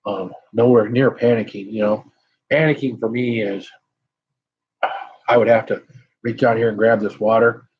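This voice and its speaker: A man's voice: lowish voice, steady tone, moderate pace, pauses often, husky, narrow, tinny audio. A middle-aged man hosting a casual live stream, chatting with viewers and blowing out breaths while his mouth burns from hot peppers. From United States. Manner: sighing and blowing out breaths from chili burn.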